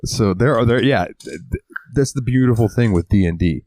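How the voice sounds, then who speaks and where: A man's voice: mid-range voice, brisk, darkish tone. A man co-hosting a casual podcast, rambling and swearing freely, acting out little quotes as he talks. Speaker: podcast co-host. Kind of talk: casual chat.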